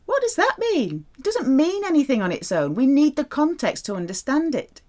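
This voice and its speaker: A woman giving a language lesson in a playful, animated teaching manner. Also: normal speed. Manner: playful, animated teaching with wide pitch swings. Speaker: French teacher.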